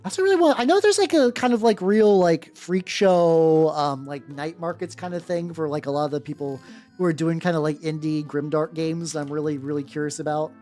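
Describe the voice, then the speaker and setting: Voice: medium pitch, brisk, warm tone. Rambling streamer chatting while painting. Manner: rambling, many restarts and swearing. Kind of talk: casual livestream chat. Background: faint background music.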